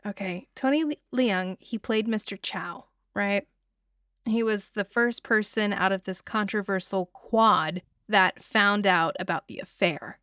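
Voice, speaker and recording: A woman hosting a casual film breakdown, expressive and gushing, swearing freely with sighs and laughs. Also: medium pitch, a little slow, clear, resonant tone, dry recording, clean studio sound. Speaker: film reviewer, host.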